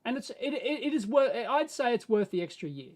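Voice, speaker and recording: An Australian man hosting a live stream, answering viewer questions in a rambling, animated way that swings between mumbled asides and excited bursts. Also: very high voice, brisk. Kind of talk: casual live-stream chat.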